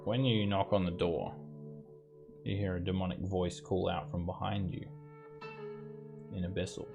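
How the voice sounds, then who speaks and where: A man runs the tabletop session as dungeon master, his voice low and full of fry. He lays out each room in steady, descriptive narration and calls the rules on what the players try. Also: moderate pace, lo-fi sound, over music.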